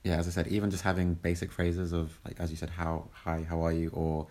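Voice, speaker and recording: A man co-hosting a casual chat, talking in a hesitant way with many pauses and fillers. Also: sits low, monotone, a little mellow. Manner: hesitant, lots of ums and restarts.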